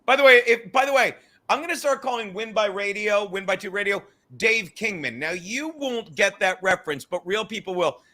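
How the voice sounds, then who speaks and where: A man, a comedian hosting a podcast, talking in crude, animated, profane banter. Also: sits high, brisk. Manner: crude, animated, swearing often. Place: car.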